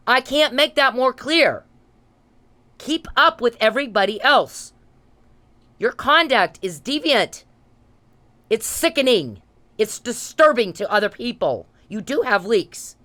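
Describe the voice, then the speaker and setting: An angry woman in her thirties vents straight to the camera, cursing and hammering the same demands again and again. Her voice sits at a middle pitch but swings widely, rising and dropping sharply as she presses each point. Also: very animated, a little slow, a bit bright. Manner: confrontational, swearing, repetitive demands. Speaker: vlogger. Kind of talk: angry direct-to-camera rant.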